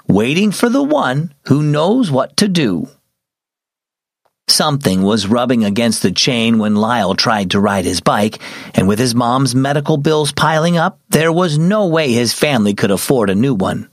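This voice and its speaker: A man's voice: lowish voice, unhurried, no echo, studio quality. A young man hosting a children's devotional show, narrating a story earnestly and expressively. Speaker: host and storyteller.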